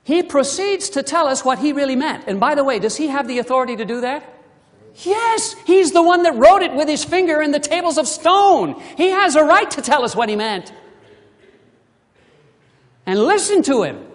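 Preaching a sermon in a church sanctuary, an animated speaker works the congregation with rhetorical questions, swinging from loud, pressing emphasis to quiet, intimate asides with lively rises and falls. The voice is high, at normal speed, ringing with the long reverb of a church hall.

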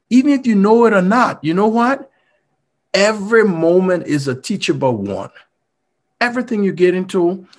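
A middle-aged man with a Liberian accent tells his story in a motivational talk. His voice is gravelly and husky. He speaks earnestly and repeats words when he drives a point home. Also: a little high. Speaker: mayor giving a talk.

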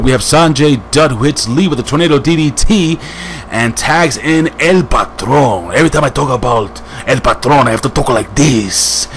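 A man's voice: mid-range voice, a little hiss or hum. Rambling, jokey man reviewing wrestling. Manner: rambling, jokey, lively asides. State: hyped on coffee. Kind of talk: casual video review.

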